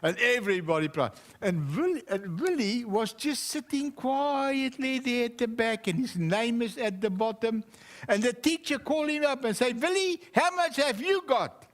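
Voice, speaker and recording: Man, pastor, children's story, lively pitch, high voice, slow pace. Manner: animated, asks the children questions.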